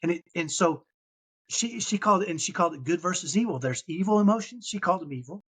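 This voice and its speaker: A man's voice: high-pitched, animated, fast, a bit bright, slightly rough. A man in his fifties, a podcast guest, telling his story in an earnest, conversational way and checking in with "right?". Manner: earnest, tags points with "right?".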